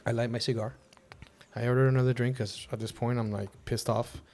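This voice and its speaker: In a mid-range voice at a fairly quick clip, a man hosting a podcast shares a long personal story casually. He acts out everyone's words, his own included, with plenty of animation.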